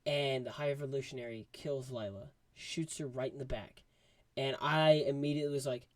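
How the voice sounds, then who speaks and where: A man giving a casual movie review, rambling and excitable, full of fillers. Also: medium pitch, normal speed, no room sound.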